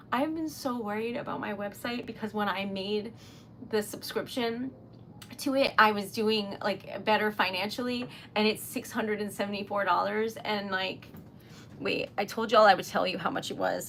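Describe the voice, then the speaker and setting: A woman's voice: mid-range voice, normal speed, a bit bright, a little hiss or hum. A young woman livestreaming while she crafts, chatting casually in an emotional, giggly way with lots of fillers. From Rhode Island, US. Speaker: livestreaming small-business owner. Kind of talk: casual live-stream chat while crafting.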